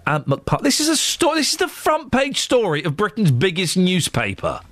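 A man's voice: high voice, wildly swooping pitch, normal speed, hardly any pauses, a bit bright, dry recording. A man presenting a radio show in a studio, reading aloud and joking playfully with his co-hosts. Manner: playful, reads aloud mockingly. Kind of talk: joking breakfast radio chat. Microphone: studio microphone.

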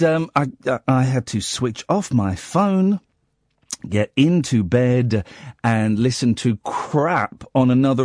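A radio host runs a late-night phone-in, wry, teasing and self-mocking. His medium-pitched voice has a darkish tone, captured on a studio mic with studio quality and no room sound.

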